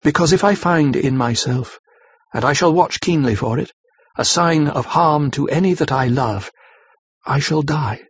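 A man voicing a brave, sorrowful young woman who speaks with quiet, earnest resolve. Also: fairly high pitch, measured pace, husky, no echo. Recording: slightly dull lo-fi recording.

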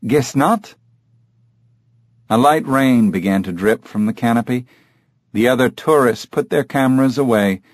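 A man narrating a novel in a measured storytelling voice. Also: mid-range voice, no echo, clean studio sound. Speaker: audiobook narrator. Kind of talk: scripted narration.

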